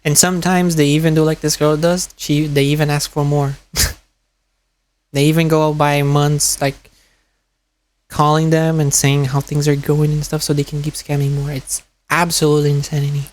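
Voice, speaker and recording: A man from Brazil streams while reacting to a video, his slightly high voice flat and at normal speed. He chats casually, telling stories, laughing often, and swearing.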